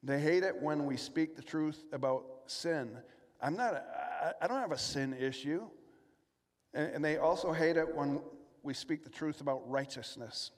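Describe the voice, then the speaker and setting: A man's voice: fairly high pitch, moderate pace, long reverb tail. A man preaching a sermon, reading scripture and asking rhetorical questions in an earnest tone.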